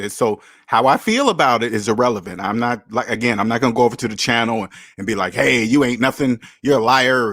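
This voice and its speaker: A man hosts a casual livestream, reads out viewer comments and answers them in an emphatic, repetitive way, firing off rhetorical questions. His voice sits at an ordinary pitch for a man. The sound is dry and close, with almost no room echo. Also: a bit bright. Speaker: channel host reading chat comments. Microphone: camera mic.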